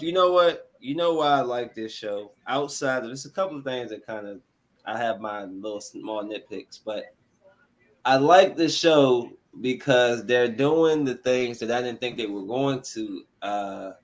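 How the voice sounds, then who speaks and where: A man hosting a casual podcast in an easy, mid-pitched voice. He teases his guest with blunt, profane jokes and gets excited when he talks about what he likes. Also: a little slow. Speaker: podcast host. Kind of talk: casual chat.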